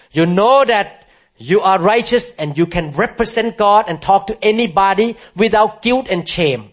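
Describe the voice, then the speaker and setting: A man who moved to the country as an adult, preaching a sermon emphatically and asking the congregation questions. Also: on the high side. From immigrant to the country where he preaches. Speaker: pastor. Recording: muffled lo-fi sound.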